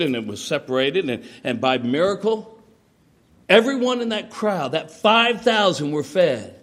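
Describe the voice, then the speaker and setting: A man preaching a sermon, retelling stories with lively acted-out voices and frequent stammered restarts. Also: on the high side. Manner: animated storytelling, acts out quoted voices, stammering restarts.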